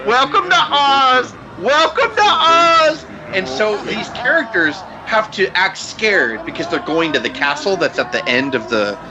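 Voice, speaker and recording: A man co-hosting a podcast, retelling a story in a casual, profane, laughing way. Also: high-pitched. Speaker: podcast co-host.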